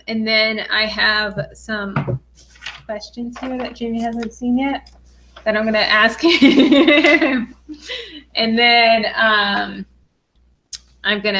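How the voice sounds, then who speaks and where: A young adult woman hosting a casual livestream, bubbly and excitable, with lots of "um" fillers. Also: fairly high pitch, takes it slowly, slight background noise.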